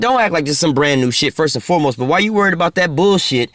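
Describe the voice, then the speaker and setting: Street preacher dude cussing nonstop, rapid fire, kinda high voice, dry sound. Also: male voice, animated, fairly bright tone, no echo. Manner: heavy cursing slang, ends phrases with "man"; reads scripture slowly, stalls on filler sounds. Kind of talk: profane street sermon with scripture reading.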